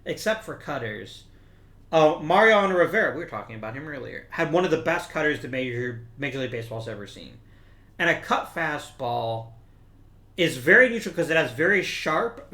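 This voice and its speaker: A man's voice: mid-range voice, pushed and bright, roomy sound. A man hosting a gameplay video, explaining things casually and correcting himself as he thinks aloud. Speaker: gaming video host.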